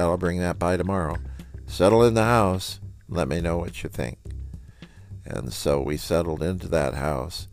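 A man telling a personal story in a relaxed, conversational way, acting out the dialogue. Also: sits low.

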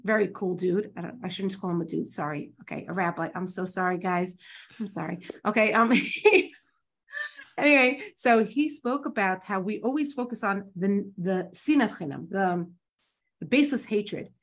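A woman of middle pitch chats casually as a guest on a video call. She talks in an easy, rambling way and keeps correcting herself with apologetic asides. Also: animated, moderate pace. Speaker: guest teacher. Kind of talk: casual conversational interview.

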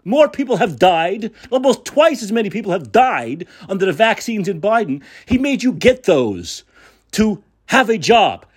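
Ranting, husky-voiced male talk host. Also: high voice, sing-song, a little slow. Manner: ranting, sarcastic, profane. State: angry. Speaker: political talk show host. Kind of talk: angry political monologue.

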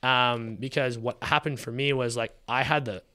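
Animated young man from Canada. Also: mid-range voice, normal speed. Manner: animated, acts out quotes, swears freely. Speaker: podcast guest, drinks founder. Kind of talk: casual storytelling.

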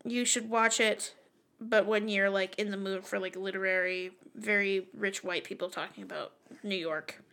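A woman's voice: mid-range voice, steady tone, moderate pace, vocal fry, a bit bright. A young woman co-hosting a podcast in casual chat, profane and sarcastic, often dropping to a near-whisper. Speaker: podcast co-host.

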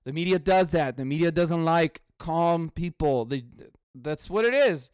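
A man rants alone on his podcast in a high, smooth voice, swearing freely. He swings from loud mock outrage to low, muttered asides and laughs at his own jokes. The close mic keeps the sound dry. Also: expressive, measured pace, dry recording. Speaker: podcast host. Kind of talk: casual solo podcast rant.

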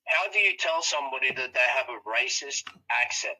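A man's voice: medium pitch, expressive, fairly quick, hardly any pauses, sharp tone, slightly rough, low-quality recording. A man from Australia, a guest on a casual podcast chat, speaking bluntly and with disbelief, with some swearing.

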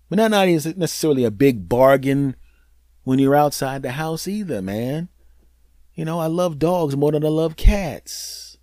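A man hosting a podcast, telling a comic story in an animated way that swings from loud to hushed, with deadpan punchlines. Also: on the high side, normal speed, dry recording, studio quality. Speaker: podcast host.

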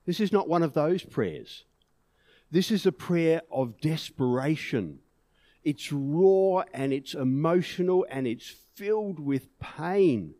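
Earnest male preacher, mellow tone. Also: a little high, lively intonation, slow, no echo. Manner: earnest, rising to emphatic peaks on key words. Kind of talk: sermon.

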